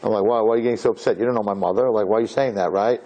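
A man, a rabbi, giving an inspirational talk to an audience, telling a story with lively acted-out dialogue and Hebrew and Yiddish terms. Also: lowish voice, racing. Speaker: rabbi and speaker.

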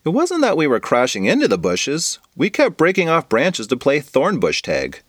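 A man's voice: fairly high pitch, wildly swooping pitch, moderate pace, dry recording, studio quality, voice pushed up. A man voicing a cheerful, imaginative young schoolgirl with a teasing, bubbly manner.

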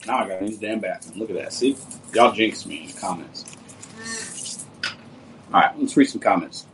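A man's voice: on the low side, normal speed, background noise. A man hosting a casual livestream, reading viewer comments and joking with them in a laid-back way. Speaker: livestream host.

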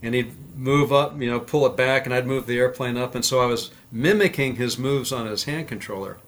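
With a mid-range voice and a brisk pace, a man who once flew fighter jets shares anecdotes in a casual interview, animatedly voicing the characters he quotes.

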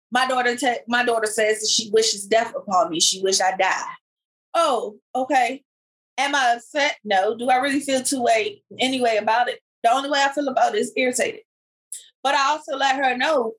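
A woman co-hosting a podcast, retelling stories in animated, slangy casual chat. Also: on the high side, normal speed, poor audio. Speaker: podcast co-host.

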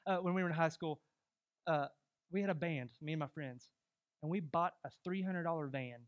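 A young adult man preaching a sermon as pastor, emphatic and rising to loud exhortation. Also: on the high side, brisk, muffled recording.

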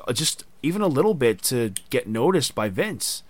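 A man's voice: mid-range voice, very animated, moderate pace, a bit bright, dry recording. A man hosting a casual podcast chat, telling stories animatedly and acting out quoted voices. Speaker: podcast host.

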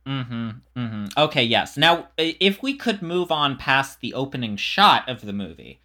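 A man co-hosting a casual movie chat, wry and halting, stopping and restarting his sentences. His voice is bright and forward, sitting at an ordinary pitch for a man. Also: big pitch swings. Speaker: podcast co-host.

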